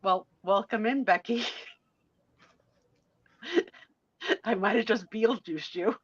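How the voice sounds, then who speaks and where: A woman's voice: mid-range voice, slow pace, husky. A woman hosting a casual live-stream chat, telling stories with animation. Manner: animated storyteller. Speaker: host. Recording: dull, dry sound.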